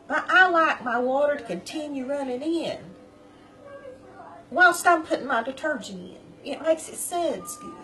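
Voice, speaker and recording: A woman telling a story in a folksy, chatty, animated way to her viewers. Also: mid-range voice, poor audio. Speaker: vlogger. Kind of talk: casual storytelling.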